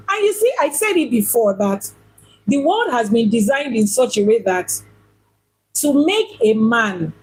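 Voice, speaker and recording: A woman with a husky, fairly high voice teaches on spiritual matters as an Ifá priestess. She talks emphatically and often repeats a phrase to drive the point home. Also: darkish tone, rough recording.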